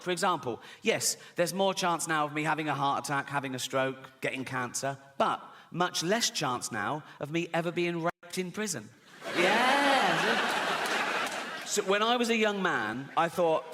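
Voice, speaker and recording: An English comedian in his sixties performs stand-up in a large theater, his fairly high voice pushed and bright, with slight background noise. He tells stories conversationally, often tossing "right?" to the audience, whose laughter rings through the long hall reverb of this live recording.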